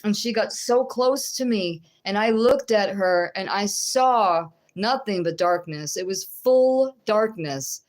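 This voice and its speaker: A middle-aged woman giving a religious teaching and testimony, conversational and halting, often checking in with the listener. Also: mid-range voice, expressive. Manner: halting, with restarts.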